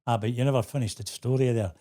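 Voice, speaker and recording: A man's voice: medium pitch, fairly even intonation, quick pace, mellow. A man hosting a casual interview, chatty and quoting others in his anecdotes. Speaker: host.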